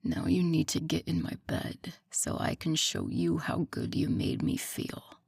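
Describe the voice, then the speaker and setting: A woman voicing a tender young boyfriend in a low, strained murmur in an audiobook. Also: little pitch movement, moderate pace, gravelly, husky, no echo, studio quality, exaggerated voice. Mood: hushed.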